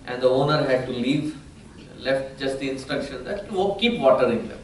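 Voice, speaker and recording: A man's voice: mid-range voice, lively intonation, moderate pace, a little hiss or hum. A man giving a humorous spiritual discourse, telling jokes and teasing his audience. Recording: roomy hall, mic at a distance.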